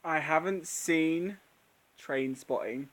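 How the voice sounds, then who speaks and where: A man's voice: fairly high pitch, takes it slowly. A man hosting a live Q&A stream, chatting casually and laughing often as he answers viewers.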